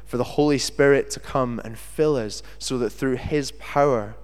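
A man's voice: mid-range voice, moderate pace, smooth. A man preaching a sermon and telling a story from his own life, acting out what people say. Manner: animated storyteller who acts out quotes. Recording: long reverb of a large hall.

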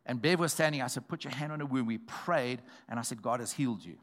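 A man preaching a sermon, telling a testimony in a storytelling way that builds to shouted exhortation. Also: medium pitch, fast talker.

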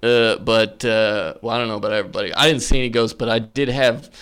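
A man's voice: lowish voice, fast, smooth. Man telling a spooky story casually. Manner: animated, filler-heavy storytelling. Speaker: podcast guest.

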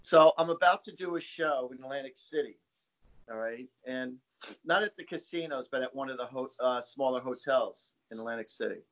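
A man's voice: mid-range voice, moderate pace, a bit bright, muffled recording. A man, a psychic guest, telling stories casually in an interview, rambling with many fillers and repeated words.

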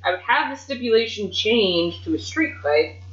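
A woman hosting a podcast, talking casually and excitedly about booking wrestling matches, swearing freely. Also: medium pitch, moderate pace. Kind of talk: casual chat. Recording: muffled, echoey room.

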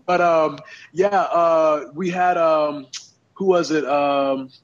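A man as an interview guest, telling stories in a casual, animated way, with lots of fillers and restarts. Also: fairly high pitch, takes it slowly. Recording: dull, muffled recording.

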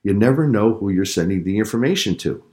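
A man's voice: fairly low pitch, expressive, fast talker, a little mellow, close to an everyday voice. A man voicing a stern father who lectures his sons. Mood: lecturing. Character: stern father, strict and angry.

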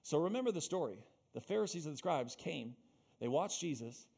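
A man's voice: fairly high pitch, sing-song, fairly quick, creaky, darkish tone, breathy edge. A man preaching a sermon as pastor, speaking emphatically, repeating his phrases and calling out to the congregation.

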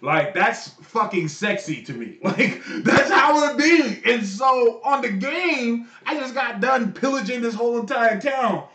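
High bright-voiced man, animated storyteller. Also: a little slow, hardly any pauses, recorded from a distance. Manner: animated storyteller, slangy, laughs often. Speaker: podcast co-host. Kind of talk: casual chat. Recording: echoey room, off-mic, faint noise.

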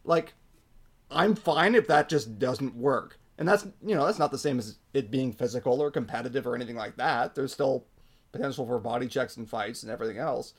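A man's voice: medium pitch, a little fast, breathy edge. A man co-hosting a podcast, talking casually and with strong opinions, using lots of fillers. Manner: opinionated, animated, frequent fillers. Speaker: podcast co-host. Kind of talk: casual hockey chat.

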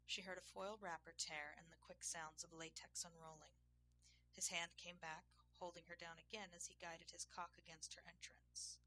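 A woman reading an erotic story aloud in a measured, intimate way. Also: on the low side, level tone, sharp tone, low-quality recording. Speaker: narrator. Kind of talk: erotic audiobook narration.

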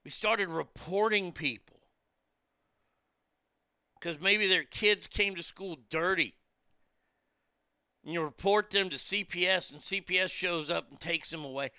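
A man's voice: sits high, unhurried, long pauses, bright, forceful tone, clear, resonant tone, no room sound, clean studio sound. A man hosting a podcast, delivering a blunt, profane, exasperated opinion rant. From United States.

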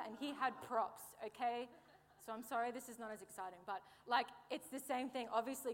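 A young woman preaching a sermon in a lively way, with joking asides and calls for an amen. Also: sits high, slight background noise. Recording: long hall reverb.

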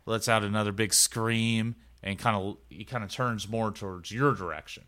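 A man's voice: lowish voice, steady tone, moderate pace, pushed and bright. A man narrating a tabletop game as game master, talking casually and rambling with lots of filler words.

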